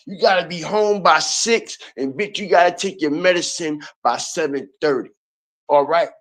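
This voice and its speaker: A man's voice: on the high side, normal speed, fairly bright tone. A man hosting an online commentary video, ranting in a heated, profane way and repeating his points.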